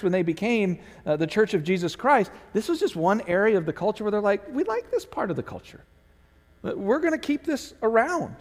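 Acting out the characters in a family story before he moves to scripture, this pastor is an animated storyteller. His voice sits high and carries a big-room sound.

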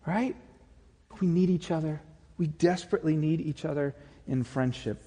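This pastor's voice sits fairly high, warm in tone, moving at a moderate pace. His sermon comes across as earnest yet conversational with a little humor, echoing through a reverberant church hall in the sanctuary.

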